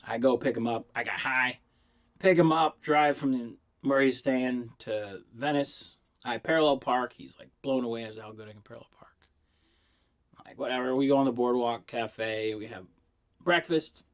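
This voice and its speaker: A man who is high, telling stories in a loose, rambling vlog monologue, swearing and giggling as he goes. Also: normal speed. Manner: profane storytelling with acted quotes. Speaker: vlogger reviewing vapes.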